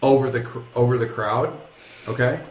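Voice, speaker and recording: A man running a tabletop game as game master, narrating action in a lively, rambling way that keeps correcting itself. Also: medium pitch, moderate pace, roomy sound.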